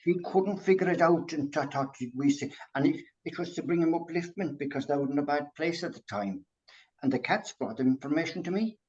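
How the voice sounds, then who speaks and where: A man from Ireland, a medium, telling an anecdote in a chatty, lively way and laughing often. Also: fairly high pitch, fairly quick, highs cut off. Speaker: medium sharing a story.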